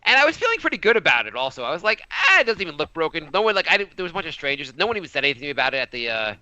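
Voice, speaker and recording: Lively, bright-voiced man telling a story. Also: a little high, racing, dry recording, dull audio. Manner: animated storytelling with voiced quotes. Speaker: podcast co-host. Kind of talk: casual chat.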